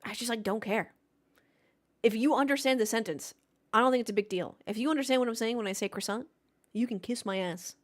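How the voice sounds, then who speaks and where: A woman's voice: fairly high pitch, brisk. A woman streaming a race watchalong, talking casually into a desk mic. She jokes around and answers her live chat in a playful, chatty way.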